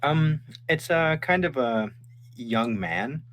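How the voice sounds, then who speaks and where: A man narrating a tabletop game as game master, setting scenes in an unhurried, descriptive way. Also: on the high side, sing-song, fairly bright tone, slight background noise.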